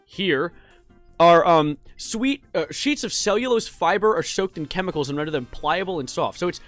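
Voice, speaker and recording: A man's voice: a little high, lively intonation, moderate pace, fairly bright tone, soft background music. A young man casually vlogging from home, goofy and rambling, with self-mocking asides. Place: home room with a cat. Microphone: desk mic.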